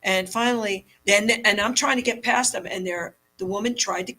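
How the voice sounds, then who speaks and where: A woman guest speaks in a bright, forceful tone with a medium pitch. She tells her story in an animated, emphatic way, as casual talk-show conversation. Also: moderate pace, faint music behind, rough recording. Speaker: guest, tarot reader.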